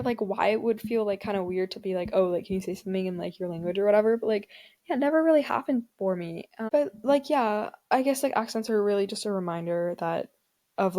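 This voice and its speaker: A young woman chatting alone on her podcast, loose and rambling, dropping "like" into nearly every phrase. She laughs often as she talks, with a relaxed, unscripted flow. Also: medium pitch. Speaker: podcast host. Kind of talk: casual solo chat.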